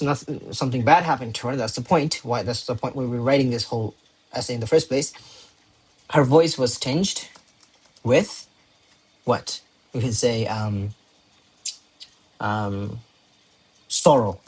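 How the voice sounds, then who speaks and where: A male English teacher explaining essay writing to his students in a husky, slightly breathy voice. He thinks aloud as he goes, repeating key words while building example sentences. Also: mid-range voice.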